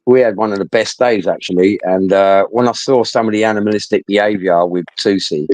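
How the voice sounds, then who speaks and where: A man's voice: fairly low pitch, brisk, dry recording, low-quality recording. Sweary London man in his fifties. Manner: swears a lot, rambling, animated storytelling. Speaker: talker recounting stories. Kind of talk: casual chat.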